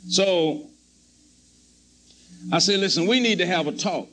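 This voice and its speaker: A man's voice: high-pitched, moderate pace, long pauses, a bit bright, rough recording. A man preaching a sermon testimony, telling his story and acting out his own prayers in a pleading, fervent voice.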